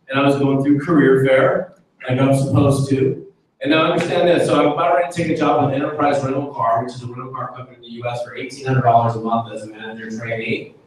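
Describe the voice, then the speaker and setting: A man giving a live motivational talk to an audience, telling joking stories with energy. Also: medium pitch. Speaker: motivational speaker. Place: event room with an audience. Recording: echoey hall from far off, faint noise.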